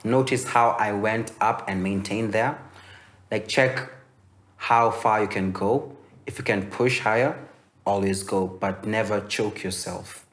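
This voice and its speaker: A young man from Kenya teaching voice-over in a relaxed, explanatory way, with many fillers and restarts. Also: fairly low pitch, unhurried. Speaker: voice-over coach. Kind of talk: instructional masterclass.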